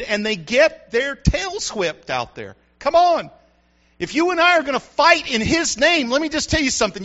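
A middle-aged pastor preaches in a high, lively voice, swinging up and down as he calls out to his congregation. His tone is bright and forceful. The recording sounds dull and lo-fi. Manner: preachy call-and-response, "come on" asides. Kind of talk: sermon.

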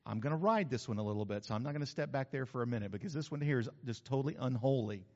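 A man preaching a sermon as pastor, lively and conversational with asides to the congregation. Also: medium pitch, rapid-fire. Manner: animated preaching with asides and acted-out quotes. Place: church sanctuary. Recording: dull sound with long hall reverb.

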